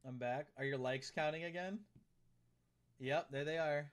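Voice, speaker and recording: A man's voice: fairly high pitch, a little slow. Chatty male streamer answering his chat. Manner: chatty, reads and answers chat aloud, repeats phrases. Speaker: live streamer. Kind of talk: casual live-stream chat.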